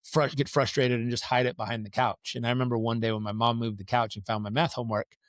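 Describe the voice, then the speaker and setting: A man telling stories as a guest on a podcast interview, lively and acting out the people in his stories. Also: medium pitch, fast talker, no echo, studio quality. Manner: animated storyteller who acts out the people in his stories.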